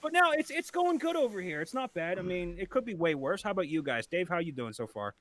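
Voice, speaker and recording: A man from Ohio telling a story in casual chat on a close mic, animated and laughing. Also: high voice, fast talker. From Ohio, USA. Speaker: podcast co-host.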